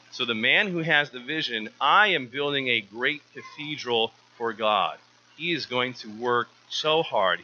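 Male church speaker, earnest and stumbly, very bright sharp tone, slightly dull recording. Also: medium pitch, slight background noise. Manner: earnest, often repeats words while restarting. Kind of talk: informal sermon.

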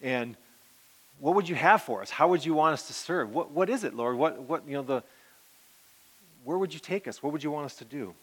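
A middle-aged man, a pastor, giving an earnest personal testimony that rambles with restarts and often sinks to a soft murmur. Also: fairly high pitch, a little fast.

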